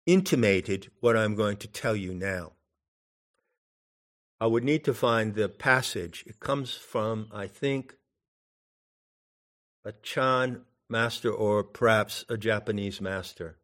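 A man giving a spoken meditation teaching in a deliberate, musing way, with long pauses between phrases. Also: medium pitch, fairly bright tone. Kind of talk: spoken dharma instruction.

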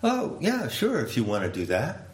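A man voicing a polite, soft-spoken older lama, agreeing gently in a higher voice than his own. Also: huge pitch swings, normal speed. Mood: politely eager. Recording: roomy echo.

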